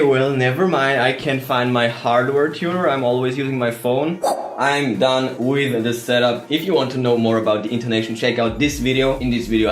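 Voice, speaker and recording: A man giving a relaxed, chatty guitar setup tutorial at home. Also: medium pitch, reverberant. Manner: relaxed, chatty, laughs at himself. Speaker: guitar vlogger. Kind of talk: casual tutorial.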